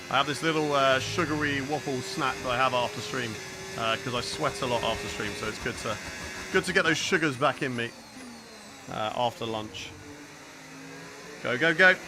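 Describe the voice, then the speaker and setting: A man's voice: a little high, background noise. A young man live-streaming a racing game, chatting casually and answering viewer questions between laps. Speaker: gaming streamer.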